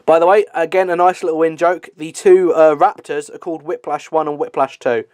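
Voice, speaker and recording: A man's voice: fairly high pitch, steady tone, fairly quick, a little mellow, clean tone, dry recording. A young man giving a casual movie commentary, chatty and swearing, with lots of fillers and laughs.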